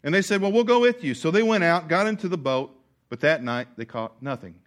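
A man's voice: fairly high pitch, lively intonation, brisk. A man preaching a sermon, retelling a Bible story with jokes and asides to the congregation. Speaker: pastor.

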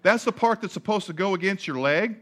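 Brief: male pastor, slightly high voice, self-mocking storyteller. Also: brisk. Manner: animated storyteller, laughing at himself. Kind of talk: sermon storytelling.

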